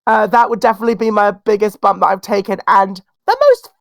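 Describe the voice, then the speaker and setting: A man's voice: high-pitched, fairly even intonation, fast talker, fairly bright tone, no echo. A man with a cold, a wrestler guest talking in a casual podcast interview, sassy and outspoken. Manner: sassy, outspoken, self-assured. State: has a cold.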